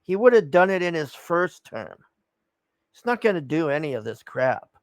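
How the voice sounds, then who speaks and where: A man's voice: fairly high pitch, sing-song, moderate pace, clear, resonant tone, dry recording. A man reacting to a video in a casual, scoffing, profane rant.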